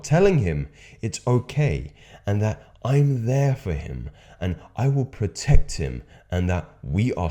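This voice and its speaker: Young male self-help coach, deep mellow voice, very animated delivery, earnest and swears freely. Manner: earnest and emphatic, swears casually. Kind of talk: motivational monologue.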